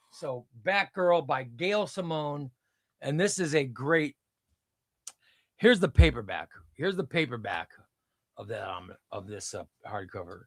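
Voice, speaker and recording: A man's voice: medium pitch, no echo, clean studio sound. A middle-aged man hosting a casual comic book livestream, rambling and reading chat aloud.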